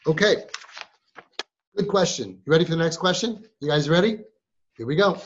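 A man who guides families gives a live talk to a group of girls who are siblings, firing rhetorical questions at them. His voice is a little high, animated, and fairly bright, at a moderate pace with frequent pauses, and the recording is muffled.

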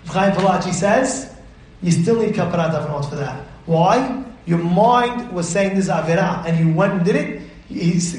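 A rabbi with a high-pitched, slightly mellow voice delivers an emphatic Torah class, repeating his points and posing questions to his listeners. The room gives a roomy echo.

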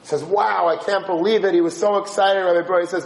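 A man with a high voice tells a story to listeners, acting out each character's lines as he goes. His speed shifts from quick bursts to slow, stretched phrases. The sound carries a roomy echo. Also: creaky. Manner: animated, acts out dialogue with shifting voice and pace. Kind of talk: spoken religious story.

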